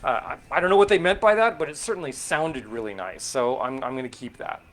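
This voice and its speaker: A man's voice: fairly high pitch, animated, fairly quick, a bit bright. Rambling man mixing drinks on a stream. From California, Central Valley. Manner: rambling, thinking aloud with fillers and self-corrections. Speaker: host making cocktails. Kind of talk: casual live-stream chat while mixing drinks.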